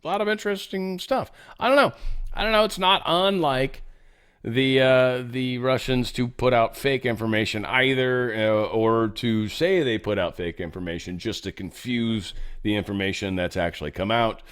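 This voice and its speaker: A man's voice: mid-range voice, normal speed, a bit bright, smooth. A man hosting a show, reading news headlines and adding sarcastic, mocking commentary in a loose, casual way. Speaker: show host.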